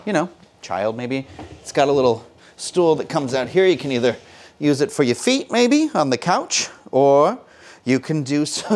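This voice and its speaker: A man's voice: a little high, a little mellow. Chatty man giving a joking room tour. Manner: chatty and jokey, self-mocking asides. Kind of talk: casual walk-through vlog.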